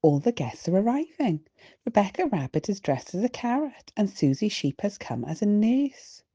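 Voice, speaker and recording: A British woman reading a children's storybook aloud, slow and expressive. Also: medium pitch, husky, dull audio. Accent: British English. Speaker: children's book reader.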